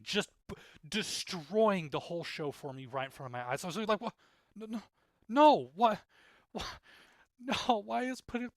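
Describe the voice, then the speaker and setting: A man giving casual, rambling commentary as a TV reviewer, growing exasperated and animated with many restarts. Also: mid-range voice, no echo. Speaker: TV show reviewer.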